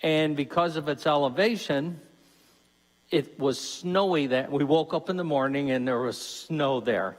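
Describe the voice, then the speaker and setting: A fairly high-pitched, unhurried male voice belongs to a deacon delivering a Lenten mission talk in a church. He speaks conversationally, posing questions to the audience, and the recording carries long church reverb.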